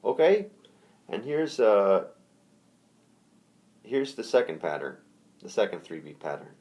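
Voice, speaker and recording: A man teaching ukulele patterns in a relaxed, hesitant way, counting the beats aloud. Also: lowish voice, unhurried. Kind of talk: casual music lesson. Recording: ukulele music under the voice. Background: ukulele playing.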